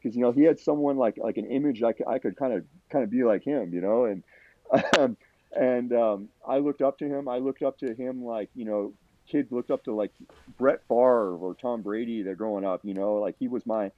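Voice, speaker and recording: A man's voice: mid-range voice, moderate pace, no room sound. A middle-aged man telling a personal story in a casual podcast chat, rambling with many restarts and "you know.". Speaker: podcast guest. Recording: tinny phone-like line, dry.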